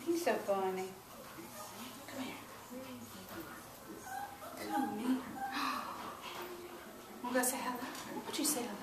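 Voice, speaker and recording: A woman's voice: very high-pitched, slow, pauses often, heavy background noise. A woman in a home video, coaxing and playfully baby-talking to her pet bird as she tries to get it to play catch. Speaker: pet owner. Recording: roomy, distant home video with loud music.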